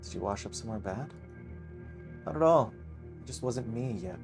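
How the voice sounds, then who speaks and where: Pompous game gent, grand and wistful, voiced by a man, middling pitch. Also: expressive, gravelly, darkish tone, faint music behind. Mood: wry. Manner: pompous, drawn-out delivery. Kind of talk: reading a visual novel aloud.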